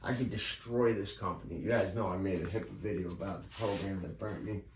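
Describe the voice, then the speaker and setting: A man's voice: sits low, brisk, slight background noise. Man ranting in an echoey room. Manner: profane, heated, digressive. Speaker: vlogger. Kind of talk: rambling personal rant. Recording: echoey room, distant mic, faint ambience.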